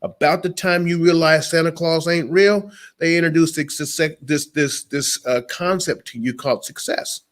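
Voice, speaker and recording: A motivational speaker with a slightly high, steady voice talks at normal speed with few pauses. In an interview, he's emphatic and preachy, addressing listeners directly.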